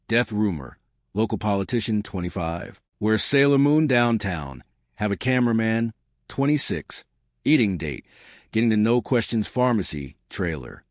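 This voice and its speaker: A man's voice: lowish voice, no echo, studio quality. A man hosting his channel, speaking in a disjointed monologue that jumps between tips and numbered lists. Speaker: channel host.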